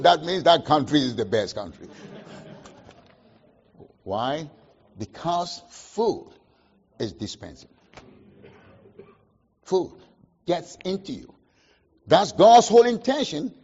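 A man preaching a sermon, asking the congregation questions and answering them, with sharp swings between loud emphasis and quiet asides. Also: a little high, husky, highs cut off. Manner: call-and-response questions, emphatic swings in loudness.

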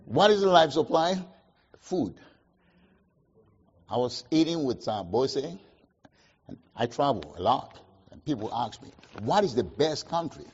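Husky emphatic male preacher, lo-fi. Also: medium pitch, big pitch swings, measured pace, pauses often. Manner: call-and-response questions, emphatic swings in loudness. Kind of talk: sermon.

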